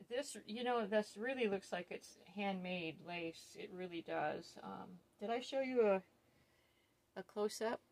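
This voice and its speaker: Middle-aged woman, unhurried unboxing vlogger, breathless gushing delight. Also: medium pitch. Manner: gushing, awestruck, full of fillers. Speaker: doll collector vlogger. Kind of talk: casual unboxing chat.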